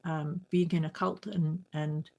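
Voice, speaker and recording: A woman co-hosting a podcast in casual chat, speaking reflectively and pausing to find her words. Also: low-pitched, little pitch movement, gravelly, dark tone, highs cut off. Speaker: podcast co-host.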